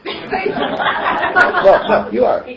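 A man's voice: very high-pitched, big pitch swings, very slow, vocal fry, a loud crowd. A man leading a group meeting who talks in a casual, teasing way and laughs often. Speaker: meeting leader. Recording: slightly dull with faint noise.

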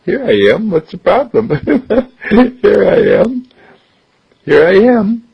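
A man voicing a gentle, happy pet dog in a told story, in a high, cheery, gravelly voice. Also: very animated, slow, muffled recording, heavily acted. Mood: cheerful.

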